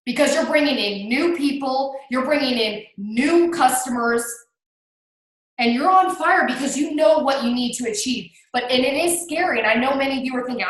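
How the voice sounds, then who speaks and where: A woman giving an energetic motivational talk as a guest on a video call, who laughs often and gets hyped. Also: high-pitched, normal speed, heavy reverb, poor audio. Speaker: guest speaker.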